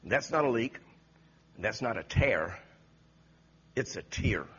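A preacher voicing God in a sober, emphatic voice while telling a sermon story. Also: male voice, fairly low pitch, animated, slow pace, fairly bright tone, husky, muffled recording, pitched below the performer's own voice, exaggerated voice. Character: proud, tender creator God, male, unhurried.

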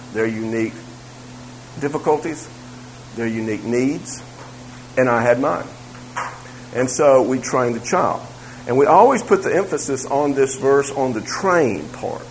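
A man's voice: mid-range voice, a little hiss or hum, low-quality recording. A man teaching a church Bible class about raising children. He talks conversationally, repeats his phrases and makes asides to the room.

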